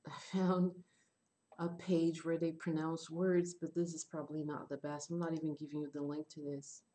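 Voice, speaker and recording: A woman teaching English in an online class, explaining slowly and rephrasing her points. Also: sits low, flat delivery, mellow.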